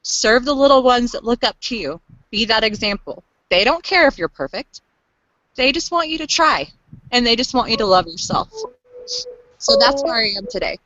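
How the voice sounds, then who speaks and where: Bright high-voiced woman sharing testimony. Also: animated, moderate pace, dry recording, lo-fi sound. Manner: earnest, tearful, pep-talk bursts. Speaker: panelist sharing lived experience. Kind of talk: emotional personal testimony.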